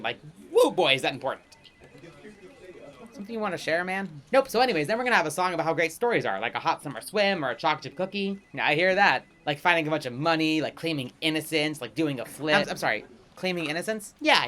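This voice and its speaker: A man performing a comedic pitch-meeting sketch, trading quick lines between two characters. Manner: rapid, animated back-and-forth between two characters.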